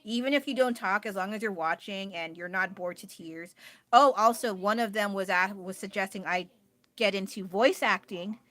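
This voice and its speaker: A woman talks on a phone livestream from home, chatty and rambling, and she often pokes fun at herself. Her voice sits at a middle pitch, and the sound is close and dry with little room echo. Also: normal speed, bright, forceful tone. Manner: chatty, rambling, self-deprecating. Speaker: livestreaming artist. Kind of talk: casual chat. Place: home, indoors.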